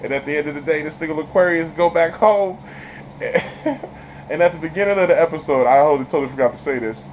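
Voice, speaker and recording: Speaking a little high and fast over slight background noise on a rough recording, this man chats through a TV episode with spoilers. His retelling is lively and colloquial, full of easygoing slang, frequent laughter, and impressions of the characters.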